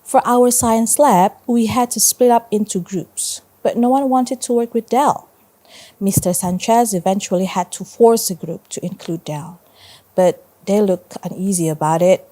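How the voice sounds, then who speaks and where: Teacher lady reading a story to kids, slow, soft warm tone. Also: mid-range voice. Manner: slow, stops to ask students questions. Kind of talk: reading a story aloud to pupils.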